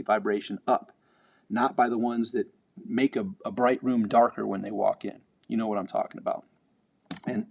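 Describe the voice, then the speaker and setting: A man's voice: medium pitch, creaky. A man vlogging a motivational talk, blunt and emphatic, swearing casually and repeating words as he builds up.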